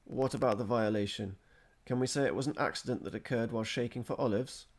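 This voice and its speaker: A man's voice: mid-range voice, fast talker, natural voice. A man voicing an anxious, shaken grown father who speaks faintly, in a storybook reading. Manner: faint, stammering.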